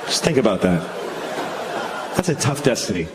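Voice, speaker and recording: A man from the Boston area performing a stand-up comedy set for a live audience, talking in a deadpan, conversational way. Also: moderate pace, heavy background noise. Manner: deadpan, conversational delivery with sudden high-pitched put-on voices. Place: large venue with a live audience. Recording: roomy live venue sound with crowd laughter. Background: audience laughter.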